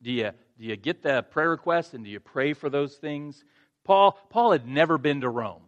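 A man's voice: a little high, lively intonation, moderate pace, dull audio. A male pastor preaching a sermon, earnest, restarting phrases and rising to emphatic points.

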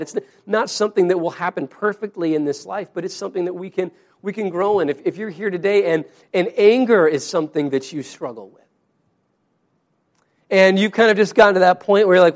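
A man with a high voice preaches a sermon to his congregation. He speaks earnestly, often doubling and restarting his words as he works through his points. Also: brisk. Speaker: pastor.

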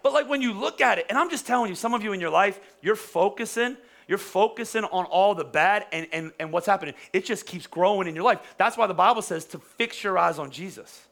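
A man's voice: high voice, expressive, fairly quick, vocal fry, few pauses, fairly bright tone. A man in his forties preaching a sermon in a conversational, joking way, often restarting his sentences. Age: 40s. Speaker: pastor.

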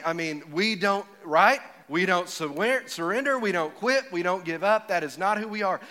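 Middle-aged male preacher, folksy storyteller, bright sharp voice with a touch of extra pitch. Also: animated, moderate pace, few pauses. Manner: folksy storytelling, rising to emphatic, builds up to jokes. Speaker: pastor. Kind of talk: sermon. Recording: echoey hall with long reverb.

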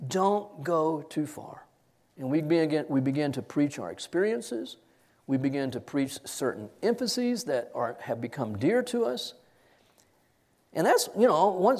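A man's voice: sits high, creaky, darkish tone. A middle-aged man preaching an expository sermon, emphatic, his voice rising and dropping sharply to stress points.

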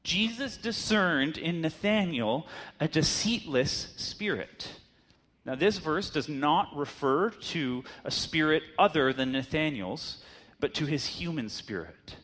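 A man's voice: on the high side, animated, slow pace, fairly bright tone. A man preaching a sermon in a conversational teaching manner, asking his listeners rhetorical questions.

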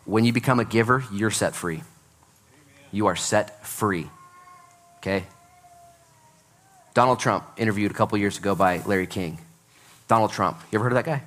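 A man's voice: fairly low pitch, moderate pace, long pauses. A man in his thirties preaching a sermon in a church, telling stories with jokes at his own expense. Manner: animated storytelling with self-deprecating jokes. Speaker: pastor. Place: church sanctuary.

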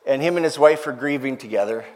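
A man's voice: mid-range voice, quick pace, a little mellow. A man telling an emotional story in a sermon, earnest and heartfelt, acting out the voices of the people he quotes. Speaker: preacher. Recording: long hall reverb.

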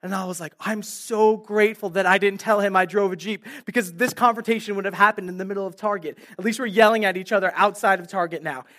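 Young male preacher, bright and forceful, acts out the lines in his stories. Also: high-pitched, fast talker, hardly any pauses. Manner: animated storytelling, acting out dialogue. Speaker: pastor. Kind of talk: sermon with storytelling. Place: room with live audience.

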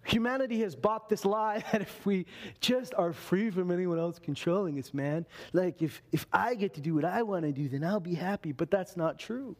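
Male pastor, high voice, animated sermon delivery. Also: moderate pace. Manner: animated preaching, acts out quotes.

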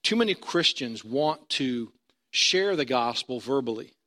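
A man's voice: mid-range voice, lively intonation, unhurried, sharp tone. A male pastor preaching a sermon in a conversational storytelling manner, building to emphatic points.

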